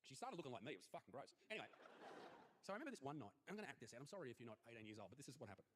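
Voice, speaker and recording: A man in his thirties doing a crude stand-up comedy routine, telling stories deadpan and shouting out the punchlines. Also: mid-range voice, rapid-fire, a little hiss or hum.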